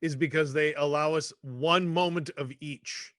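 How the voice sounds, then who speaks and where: A man's voice: fairly high pitch, fairly even intonation, unhurried, a bit bright, no echo, clean studio sound. A man co-hosting a podcast, chatting casually about a film, full of fillers and offhand quotes. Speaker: podcast co-host. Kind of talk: casual movie discussion.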